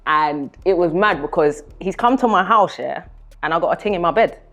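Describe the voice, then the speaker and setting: Young woman, lowish voice, animated storyteller, casual podcast chat. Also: moderate pace, soft background music. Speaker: guest, spoken word artist.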